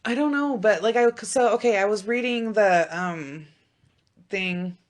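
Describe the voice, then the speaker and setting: This woman co-hosts a casual podcast chat and tells her stories with lots of swearing. Her voice jumps from loud, high outbursts down to quiet, hushed asides. She sits at a middle pitch for a woman and speaks in her thirties' easy, unscripted way. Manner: animated storytelling, swearing, quick swings between loud and hushed. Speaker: podcast co-host.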